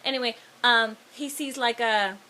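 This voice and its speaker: Bright, high-voiced woman rambling through a story. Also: moderate pace, a little hiss or hum. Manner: rambling, full of "like" and "um". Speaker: vlogger. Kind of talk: casual film retelling.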